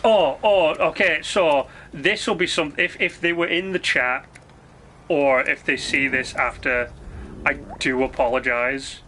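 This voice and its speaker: A man rants casually on a live game stream in a slightly high, bright voice. He swears freely and keeps restarting his sentences as he rambles. A faint noise sits behind him. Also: steady tone, a little slow. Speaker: gaming streamer.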